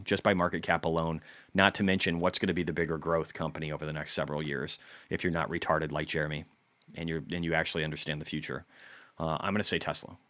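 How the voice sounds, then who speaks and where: Male streamer, deep low voice, dry close mic, swearing casual market chatter. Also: no echo. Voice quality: blunt and profane, swings between mumbling asides and loud bursts. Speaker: stock market livestream host. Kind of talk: casual live trading stream.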